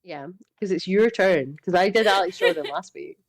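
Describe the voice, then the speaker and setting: A woman's voice: on the low side, normal speed. Swearing, laughing woman podcaster. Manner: animated storyteller, swears freely, laughs often. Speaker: podcast co-host. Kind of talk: casual chat.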